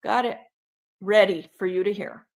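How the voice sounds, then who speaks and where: A woman co-hosting a livestream, giving lively, emphatic commentary in a conversational tone. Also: medium pitch, moderate pace. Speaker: livestream co-host. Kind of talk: casual commentary.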